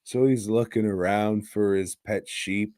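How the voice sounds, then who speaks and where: A man's voice: on the low side, slow pace, darkish tone, dry recording, studio quality. A man co-hosting a movie podcast, recapping a film in crude, jokey casual chat and breaking into silly voices. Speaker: podcast co-host.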